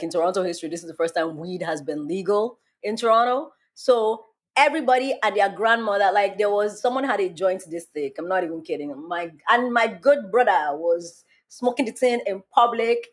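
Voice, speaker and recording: A husky-voiced woman hosting a podcast, who tells stories casually and with lots of energy. She laughs often and throws her voice into the people she quotes. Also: lowish voice. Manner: animated, laughing, acting out quotes. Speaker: podcast host. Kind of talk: casual storytelling.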